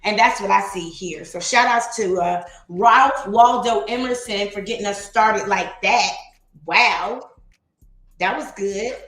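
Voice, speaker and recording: A woman's voice: mid-range voice, fairly bright tone. Chatty woman in an echoey room. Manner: chatty, laughs often, reads poetry slowly. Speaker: livestream host reading aloud. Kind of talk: casual livestream reading and chat. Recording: roomy echo.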